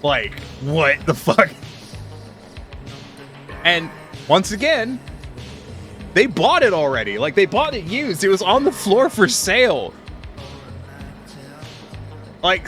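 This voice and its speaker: A man's voice: high voice, a bit bright. A man streaming a game, telling rambling, profane work stories in casual chat. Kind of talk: casual chat while gaming.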